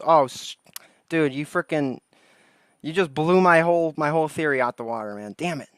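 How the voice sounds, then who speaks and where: Smooth-voiced man chatting on a livestream. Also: fairly high pitch, a little fast. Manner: reads lists flatly, then chats loosely with viewers. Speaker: livestream host. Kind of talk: casual livestream chat, reading AI output aloud.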